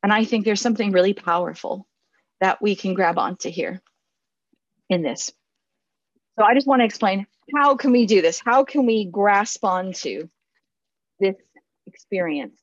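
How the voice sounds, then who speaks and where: A woman in her forties, a pastor giving a sermon, earnest and reflective, often restarting her sentences and laughing softly. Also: medium pitch, lively intonation, moderate pace, long pauses, dry recording, highs cut off.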